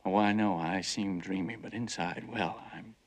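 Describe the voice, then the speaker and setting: A young actor playing a dreamy, restless son who talks wryly and sometimes drops to a whisper. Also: male voice, low voice, steady tone, moderate pace. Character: restless dreamy young man, bitter and wry. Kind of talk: television drama acting.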